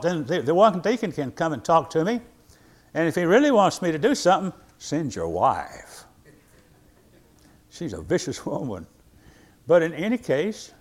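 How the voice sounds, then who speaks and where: A pastor in his eighties preaching a sermon, reading scripture in old-fashioned wording and swinging between loud emphatic lines and quiet ones. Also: high-pitched. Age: 80s.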